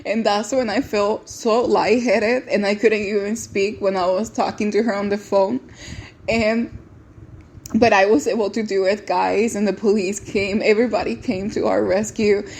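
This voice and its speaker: A woman's voice: mid-range voice, steady tone, moderate pace, darkish tone, slight background noise. Tearful woman podcast host. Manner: earnest, tearful, repeats words and restarts often. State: close to tears. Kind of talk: emotional personal testimony and encouragement.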